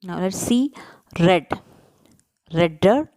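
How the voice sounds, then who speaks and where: Her voice is fairly low, warm and lively in intonation, and she takes her time. As a teacher leading a grammar lesson for children, she works through it step by step, spells out letters, breaks words into syllables and keeps checking in with "right?".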